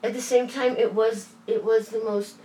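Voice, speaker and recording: A woman telling stories in casual chat, animated and quick to swear and laugh. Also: on the high side, distant mic. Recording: roomy, off-mic, faint hiss.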